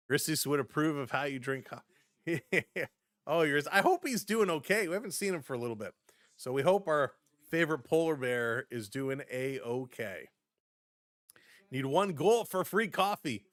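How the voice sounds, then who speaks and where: A man with a slightly high voice calling hockey play-by-play on a live stream. He drifts easily between the action and chatting with viewers, laughing often. The sound is close and dry, with no room around it. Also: a bit bright, no room sound. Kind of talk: casual play-by-play commentary with chat.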